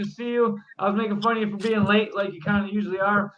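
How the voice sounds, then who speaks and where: A man hosts a loose podcast chat, talking in upbeat, rambling runs full of "uh" and "like." His voice sits a little high. The audio is muffled and lo-fi. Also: flat delivery, quick pace, fairly bright tone. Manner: upbeat, rambling, filler-heavy questions. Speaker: podcast host.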